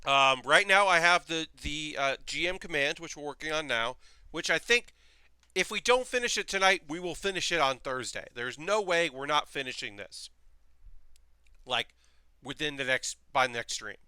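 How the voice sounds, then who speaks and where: A man's voice: on the high side, lively intonation, moderate pace, bright, forceful tone, clear, resonant tone, no echo. A man hosting a live stream in casual, rambling chat, reading messages from his chat aloud as he builds model kits.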